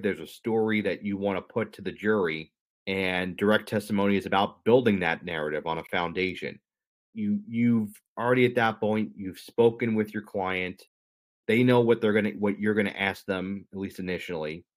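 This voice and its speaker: A young man with a lowish voice talks through a story on a podcast. He rambles and corrects himself as he goes, slipping in dry jokes along the way. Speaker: podcast co-host. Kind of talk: casual explanatory chat.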